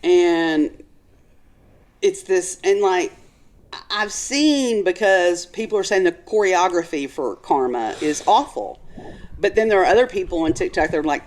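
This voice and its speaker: A woman's voice: on the low side, expressive, unhurried. A woman co-hosting a casual podcast chat, gossipy, crude and joking. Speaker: podcast co-host.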